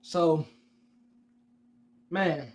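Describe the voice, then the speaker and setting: A man's voice: on the high side, extremely slow. A man hosting his own sports podcast, ranting heatedly and mockingly at rival fans and repeating himself for emphasis. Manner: heated, repetitive, addresses fans directly; mocking and teasing. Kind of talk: solo sports rant.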